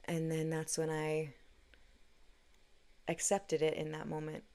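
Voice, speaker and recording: A woman's voice: low-pitched, monotone, slow pace, darkish tone. A woman hosting a spiritual podcast, talking in an earnest, candid way with some casual swearing. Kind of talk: reflective spiritual monologue.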